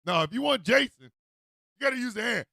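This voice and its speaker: A male host rants comedically on his radio show, loud and animated. His voice sits high and gravelly. The sound is close and dry. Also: normal speed, no echo. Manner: animated, loud, laughs often, acts out street calls. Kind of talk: comedic commentary rant.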